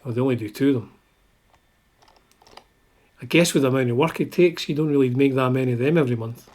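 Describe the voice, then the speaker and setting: A Scottish man with a husky, slightly breathy voice at a middling pitch. He talks about guitars in a relaxed, chatty way. He is wry and drops into quiet asides under his breath. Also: fast talker. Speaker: guitar channel host. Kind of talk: casual chat.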